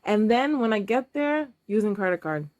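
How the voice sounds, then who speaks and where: A woman's voice: medium pitch, big pitch swings, moderate pace, a little mellow, no echo, highs cut off. A woman in her thirties, talking casually and emotionally to camera while counting cash aloud. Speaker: vlogger.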